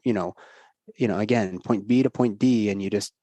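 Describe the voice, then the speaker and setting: A man's voice: on the low side, normal speed, mellow, no room sound. A middle-aged man, a doctor guesting on a podcast, telling a personal story in an earnest, rambling, casual way.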